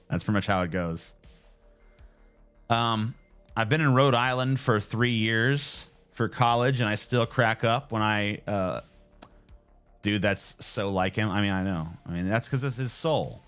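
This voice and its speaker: A man's voice: lowish voice, measured pace, a bit bright, smooth, faint music behind. A man in his twenties chatting casually on a live stream, joking and swearing as he answers viewers. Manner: joking, profane, laid-back.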